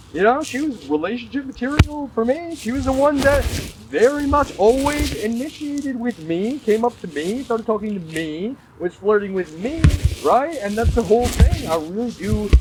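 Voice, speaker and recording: A man's voice: very high-pitched, far from the mic. A young man ranting casually to the camera in a rambling, emphatic way, often laughing between phrases and saying "y'all". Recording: noisy background.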